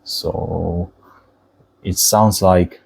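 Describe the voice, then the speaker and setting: Slow, mellow-voiced man teaching Korean. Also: low-pitched, fairly even intonation, gravelly, breathy edge, low-quality recording. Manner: patient, deliberate, models Korean words slowly. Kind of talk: slow explanatory language lesson.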